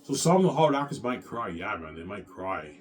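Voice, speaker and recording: Man rambling boastfully, low voice. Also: big pitch swings, quick pace, a little mellow. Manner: repetitive, boastful, peppers speech with "man". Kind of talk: rambling monologue. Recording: faint noise, mic at a distance.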